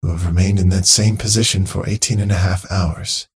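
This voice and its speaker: A man voicing a male training robot that talks in stiff, clinical phrases, with a husky, creaky voice. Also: sits low, steady tone, fairly quick, heavily acted. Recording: dry close mic, faint music.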